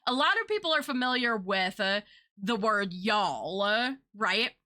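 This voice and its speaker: Her pitch is medium, her intonation lively, her pace measured, and her sound pushed and bright. She's a young American streamer with a Southern accent colored by British vowels, talking casually as she draws. The chat rambles along, packed with fillers and laughs.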